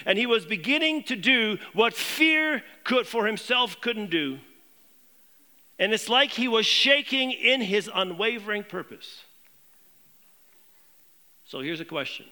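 A man preaching a sermon to his congregation, posing questions and dropping low and quiet on key points. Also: expressive, measured pace. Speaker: pastor.

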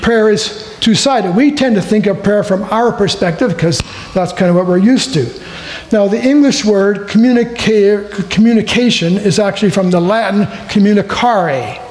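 A man's voice: high voice, measured pace, darkish tone, a little hiss or hum. A man preaching a sermon and telling a joke first, in a chatty, conversational way with asides to the room. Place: church hall. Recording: echoey hall with faint ambience.

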